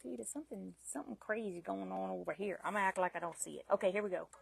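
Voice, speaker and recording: A woman with a medium-pitched, gravelly, husky voice talks rapid-fire while teaching a live sewing demonstration. She is a chatty, self-deprecating instructor who laughs at her own mistakes.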